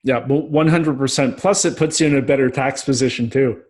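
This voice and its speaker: A man's voice: medium pitch, fairly quick, darkish tone. A man hosting a podcast, asking questions and agreeing briefly in a casual interview. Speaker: podcast host.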